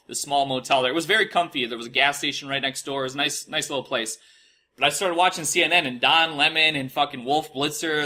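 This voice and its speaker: A young man from Minnesota spins a long story in loose, casual talk, swearing freely and acting out mocking quotes along the way. His voice sits a little high and sounds very bright and sharp. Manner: profane, animated retelling with mocking quoted voices. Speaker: podcast host telling a story.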